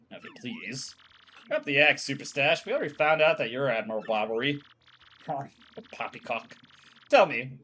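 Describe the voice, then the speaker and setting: A man's voice: medium pitch, a bit bright, slight background noise. A man voicing a stubborn, bitter old male sailor in a posh, clipped manner.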